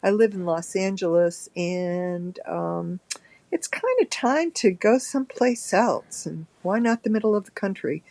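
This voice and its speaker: A woman leaving a voice message for a podcast, sleepy from just waking up, talking in a relaxed, drawn-out way. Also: mid-range voice, creaky, no echo. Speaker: caller. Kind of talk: recorded voice message.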